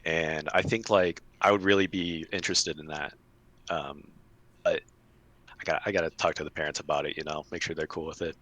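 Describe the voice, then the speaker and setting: A man's voice: rumbling low, fairly even intonation, a little fast, a bit bright. A man in his twenties from Florida, talking casually as a guest, hesitant and full of fillers. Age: 20s. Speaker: call-in guest. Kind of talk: casual chat.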